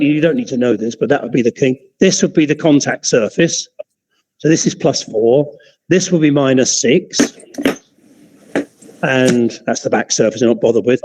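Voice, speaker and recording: An optics lecturer with a mid-range, darkish voice teaches a class in an informal, chatty style, often wandering off topic and restarting his sentences. The recording is rough.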